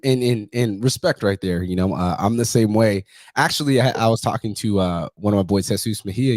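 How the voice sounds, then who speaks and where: A man's voice: lowish voice, a little mellow, no room sound. Blunt, profane man telling war stories. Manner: profane, blunt, swears constantly; acts out other voices in his stories. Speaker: podcast host. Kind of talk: casual storytelling chat.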